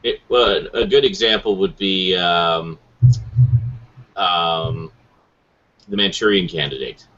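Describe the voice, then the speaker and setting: A man hosting a casual geek chat stream, relaxed and full of ums, swearing now and then. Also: deep voice, slow pace, pauses often, lo-fi sound. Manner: laid-back, many ums and uhs, swears casually. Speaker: host.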